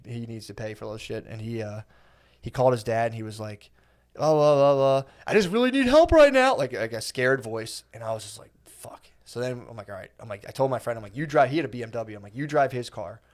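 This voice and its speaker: Fast-talking profane man telling a story. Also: mid-range voice. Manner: profane, animated, acts out quotes. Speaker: podcast guest. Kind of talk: casual comedic storytelling.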